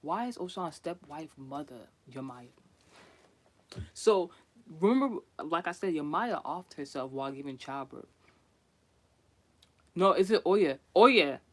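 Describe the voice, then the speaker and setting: Vlogger, casual story monologue, swears and laughs a lot, fairly high male voice. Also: expressive, unhurried, pauses often. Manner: chatty, profane, laughs often, many restarts.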